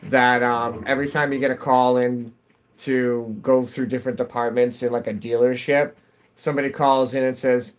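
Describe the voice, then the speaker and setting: A man's voice: medium pitch, flat delivery, moderate pace. Rambling, chatty man streaming a game. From New England. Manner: rambling, chatty, laughs often. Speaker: live streamer. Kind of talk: casual chat with viewers while gaming.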